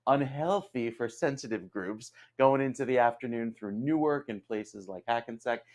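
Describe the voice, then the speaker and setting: A man, a meteorologist giving a morning weather forecast in a steady, informal way. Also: medium pitch, normal speed.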